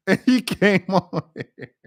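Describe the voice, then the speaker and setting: A man talks through a casual sports live stream in a fairly high voice that swings widely up and down. He laughs often and trash-talks. The sound is dry and close. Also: takes it slowly, no room sound. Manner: animated, laughing, trash-talking.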